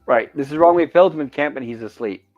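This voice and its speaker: A man's voice: a little high, brisk. A man narrating a classic sitcom episode scene by scene. He reads the characters' lines aloud as he goes. The sound is dull and lo-fi, with faint music underneath. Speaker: show host. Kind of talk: casual episode commentary.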